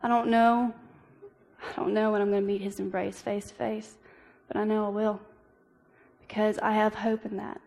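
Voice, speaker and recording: A woman's voice: medium pitch, little pitch movement, creaky, a little mellow. Earnest young woman speaking in an echoing hall. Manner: earnest, halting, with frequent ums and restarts. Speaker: speaker giving a church devotional. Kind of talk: personal testimony talk. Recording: long reverb of a hall.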